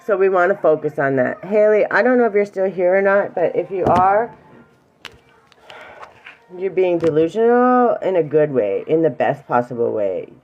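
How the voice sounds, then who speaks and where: With faint music behind her and narrow, tinny audio, a middle-aged woman speaks at normal speed in an expressive, lower-pitched voice. Her casual, earnest talk on emotional awareness is aimed warmly at one viewer, whom she reassures while sometimes nearly in tears.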